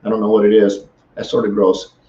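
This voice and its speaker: A man hosting a casual live stream, telling stories in an animated way and often restarting his sentences. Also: lowish voice, fairly quick. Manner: animated storytelling with many restarts. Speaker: host. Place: small office room. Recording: echoey room, dull lo-fi sound.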